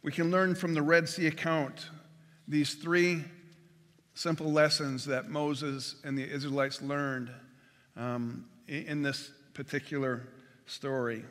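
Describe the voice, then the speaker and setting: A man's voice: on the high side, level tone, takes it slowly, a bit bright, long reverb tail. A man preaching a sermon as pastor, conversational and folksy, with jokes and everyday comparisons.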